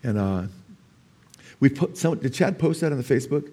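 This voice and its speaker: Man, pastor, sermon, animated storytelling, emphatic, mid pitch. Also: normal speed, slightly rough. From California. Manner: animated storytelling, rising to emphatic preaching, asks the congregation "amen?".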